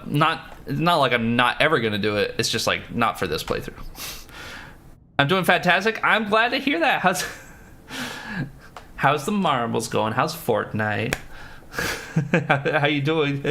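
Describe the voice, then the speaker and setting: A man's voice: medium pitch, vocal fry, pushed and bright. A man live-streaming a game, chatting with viewers, greeting them by name and thinking through puzzles aloud.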